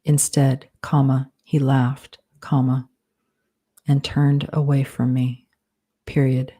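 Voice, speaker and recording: A woman with a low, mellow voice dictates her novel at an unhurried pace. She reads out every punctuation mark in a flat, even tone. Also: slightly rough. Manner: speaks punctuation marks aloud, measured and deliberate. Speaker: author.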